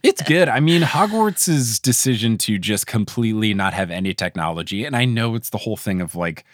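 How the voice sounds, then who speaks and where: A man in his late twenties hosting a casual podcast, joking and animated. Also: fairly quick, dry recording, studio quality. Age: 20s. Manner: animated, jokey, swings pitch up and down. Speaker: podcast host.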